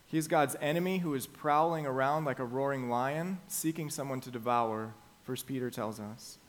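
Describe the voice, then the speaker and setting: Emphatic preacher man. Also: mid-range voice. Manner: emphatic, slows down for key phrases. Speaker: pastor. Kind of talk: sermon.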